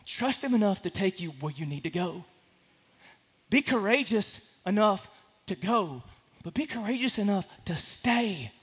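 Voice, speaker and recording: A man preaching a sermon to a congregation, impassioned, swinging from hushed to loud. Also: high-pitched, animated, a little slow, husky. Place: large room with a congregation.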